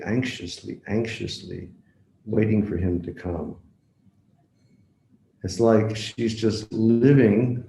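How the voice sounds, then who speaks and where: A man with a lowish, gravelly, warm voice gives a devotional lecture as a visiting monk, heard in a roomy space on a rough recording. He tells a story, repeats words for emphasis, and asks his listeners direct questions.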